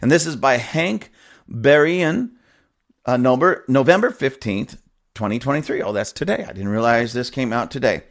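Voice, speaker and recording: A man's voice: mid-range voice, expressive, moderate pace. Emphatic man giving casual commentary. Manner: emphatic and repetitive, with scornful laughs. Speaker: church pastor giving commentary.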